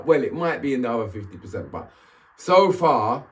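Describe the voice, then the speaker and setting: A man's voice: lowish voice, sing-song, fairly quick. A young man, chatting to camera in a casual, joking, slang-filled way. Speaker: vlogger.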